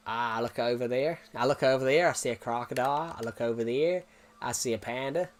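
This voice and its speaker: A man putting on a lower, drawling Australian bushman. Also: brisk, lightly acted. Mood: boastful. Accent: put-on Australian. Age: 20s. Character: rugged young male outback adventurer.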